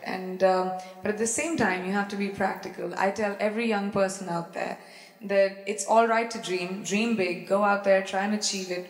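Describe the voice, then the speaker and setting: A woman in her thirties with an Indian English accent, answering audience questions on stage in a playful, teasing way that often breaks into laughter. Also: mid-range voice. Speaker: celebrity guest on stage. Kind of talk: live stage Q&A, casual and joking. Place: large event hall. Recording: echoey hall with long reverb.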